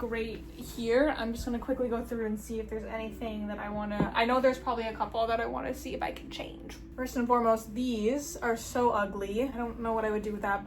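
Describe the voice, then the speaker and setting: A chatty young woman vlogging from her bedroom, her voice sitting a little high as she rambles loosely through her clothes. She swears casually and has the hiccups. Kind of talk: casual chat while sorting and cutting clothes.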